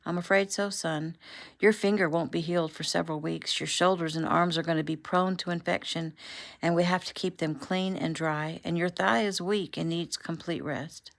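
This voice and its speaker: A woman reading the lines of a caring father who gently consoles his son. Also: on the low side, steady tone, moderate pace, vocal fry. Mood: reassuring. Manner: gentle, reassuring.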